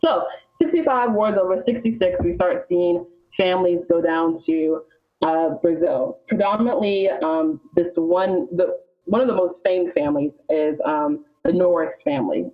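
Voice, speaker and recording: A woman's voice: on the low side, normal speed. A woman from Alabama, a guest on a podcast, explaining history in a chatty, informal way. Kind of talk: casual podcast chat. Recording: slightly dull lo-fi sound.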